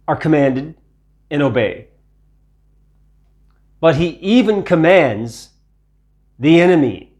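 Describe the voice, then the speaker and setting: A man from Ukraine teaching the Bible in a sermon style, deliberate, repeating phrases for emphasis and asking rhetorical questions. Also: fairly high pitch.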